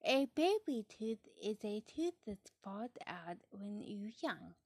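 Woman doing a soothing storybook mother pig, slow, dry sound. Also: medium pitch, big pitch swings, a little mellow, breathy edge, dry recording, exaggerated voice. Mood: reassuring. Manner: soothing and explaining, with a fond laugh. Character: gentle, patient mother pig.

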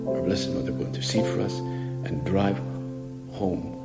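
A priest gives a spoken meditation in a low, gravelly voice, musing and conversational, often restarting his phrases. The sound rings with a long hall reverb. Faint music plays behind him. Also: fairly even intonation, measured pace.

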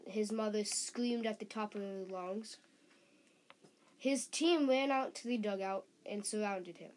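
A woman reading a story aloud slowly and haltingly, stumbling and restarting on words. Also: mid-range voice, darkish tone.

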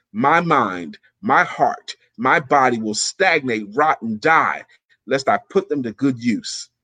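A man's voice: a little high, a bit bright. Upbeat man hosting a morning chat. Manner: upbeat, laughs often, slow emphatic reading. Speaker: host. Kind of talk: casual chat and reading aloud.

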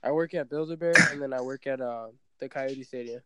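A man's voice: medium pitch, a little fast, heavy background noise. A young man chatting casually on a podcast, laid-back and saying dude a lot. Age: young adult. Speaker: podcast guest. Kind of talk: casual chat.

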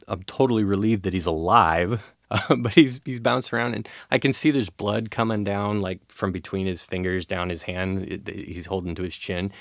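A man's voice: fairly low pitch, no echo, studio quality. A man telling a personal story in a rambling, self-amused way, often laughing as he goes. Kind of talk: casual storytelling.

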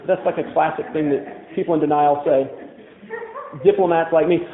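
A man's voice: fairly high pitch, fairly even intonation, moderate pace, reverberant, phone-quality sound. A man preaching a sermon as a pastor, telling candid personal stories in a conversational way full of "like" fillers. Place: church.

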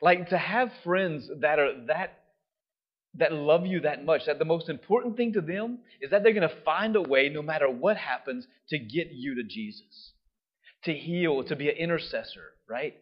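A man preaching a sermon in a lively, conversational way, often checking in with the listeners. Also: on the high side, moderate pace. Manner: animated, conversational, often asks "right?". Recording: dull lo-fi sound.

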